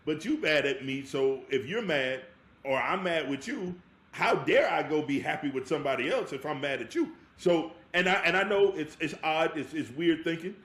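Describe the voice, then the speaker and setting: A married man co-hosting a podcast, telling lively stories in casual chat and laughing often. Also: fairly high pitch, normal speed. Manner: animated storyteller, laughs often. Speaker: podcast co-host. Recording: echoey room with faint hiss.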